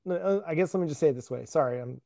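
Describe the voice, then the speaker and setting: A man's voice: fairly high pitch, racing, gravelly, mellow, dry recording, studio quality. A man co-hosting a casual sports talk show, laid-back and self-deprecating.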